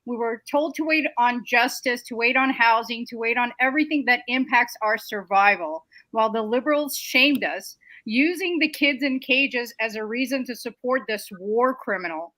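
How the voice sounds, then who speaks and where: A woman hosting a political commentary show, speaking in a high, sharp voice. She builds indignant points in long emphatic lists. The sound is close and dry. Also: moderate pace, hardly any pauses, no echo, poor audio. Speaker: show host.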